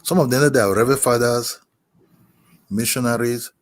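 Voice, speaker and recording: A man's voice: medium pitch, fairly even intonation, moderate pace. A man from Nigeria, a guest in a heated casual debate, insistent and repeating himself. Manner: insistent, repeats himself, keeps asking "you understand me?".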